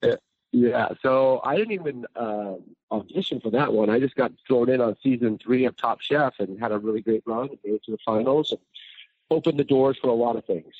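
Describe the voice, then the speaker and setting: A man's voice: mid-range voice, fairly quick, slightly rough, no echo. Chef guy chatting, tells stories big, acts out the quotes, sound a bit muffled. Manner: animated storyteller, acts out quotes. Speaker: chef guest. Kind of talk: casual chat.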